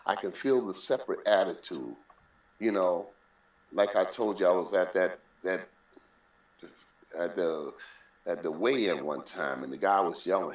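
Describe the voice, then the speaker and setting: A man with a somewhat low voice tells his personal story as an interview guest. He speaks emphatically and often repeats a phrase to drive it home. The recording sounds roomy and a little dull. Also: normal speed, pauses often. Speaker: interview guest, boxing figure.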